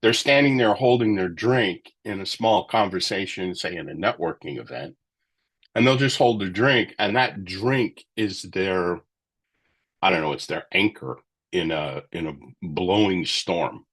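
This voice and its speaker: A man's voice: low-pitched, measured pace, a bit bright, breathy edge. A man sharing his thoughts in a casual book club discussion, reflective and rambling.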